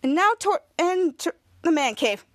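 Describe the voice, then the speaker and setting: A woman's voice: very high voice, animated, measured pace, a bit bright. A woman podcast host recapping a TV episode in casual, rambling talk with many restarts.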